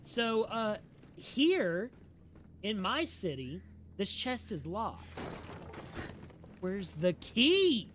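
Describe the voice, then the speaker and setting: A man chatting casually with his live-stream audience while playing a game, relaxed and slangy, and sleepy. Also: high voice, drawn-out words, long pauses, a little hiss or hum. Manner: relaxed and slangy, talking to chat. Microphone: streaming microphone.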